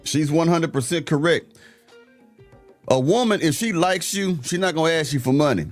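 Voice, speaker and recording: A man with a fairly high voice delivers an opinionated rant, blunt and full of slang. He talks in a preachy way. Soft music plays underneath. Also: expressive, normal speed. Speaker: host reacting to clips.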